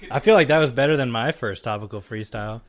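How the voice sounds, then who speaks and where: A man's voice: mid-range voice, moderate pace, music in the background. A man co-hosting a podcast in casual chat, rambling, swearing freely and laughing often. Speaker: podcast co-host.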